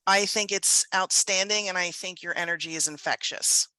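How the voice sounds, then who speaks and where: Low, bright woman reading with emphasis. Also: normal speed, low-quality recording. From Maryland. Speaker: workshop participant.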